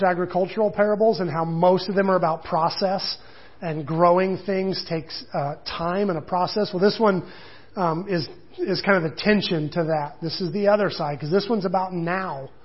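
High-voiced husky male pastor preaching. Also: lo-fi sound. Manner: conversational, with casual asides and quoted voices. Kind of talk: sermon.

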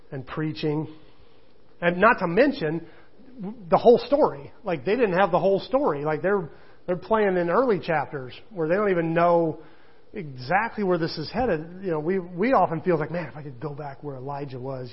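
A man's voice: a little high, breathy edge, highs cut off. Chatty man preaching a casual sermon. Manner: conversational, self-deprecating storytelling with laughter. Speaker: pastor.

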